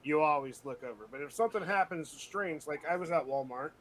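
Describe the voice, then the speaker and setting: Man, casual chat, blunt and profane, fairly high pitch. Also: fairly quick, a bit bright, a little hiss or hum, poor audio.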